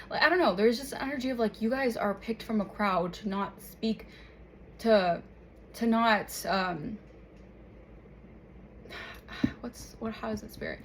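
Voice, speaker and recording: A woman's voice: medium pitch, moderate pace, slight background noise, low-quality recording. A woman giving a casual tarot reading, chatting along and checking in with "okay?" and "all right?" after her points. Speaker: tarot reader.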